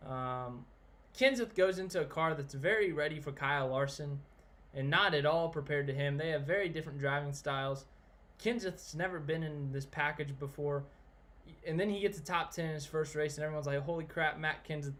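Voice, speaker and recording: A man's voice: fairly high pitch, normal speed, a bit bright. A man chatting casually on a live stream, answering viewers and giving blunt opinions in a rambling way. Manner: rambling, opinionated, reads out chat names.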